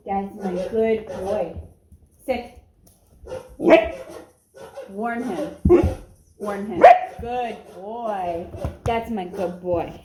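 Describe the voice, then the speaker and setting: A woman's voice: medium pitch, very slow, pauses often, a little mellow. A woman training her dog, giving short commands and singsong praise. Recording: echoey room, faint noise, dog barking.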